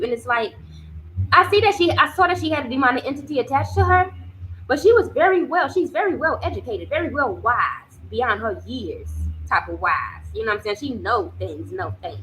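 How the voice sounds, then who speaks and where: A young woman tells a personal story in a loose, rambling vlog monologue, looping back on her words with plenty of fillers. Her voice sits a little high, and a faint hiss runs under the recording. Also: a bit bright, rough recording. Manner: rambling, with frequent fillers and repeats. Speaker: vlogger.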